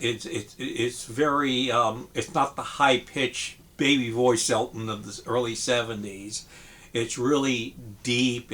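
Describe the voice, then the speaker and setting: A man giving a casual spoken review of a music album, hesitant, with frequent ums and restarts, relaxed and appreciative. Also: mid-range voice.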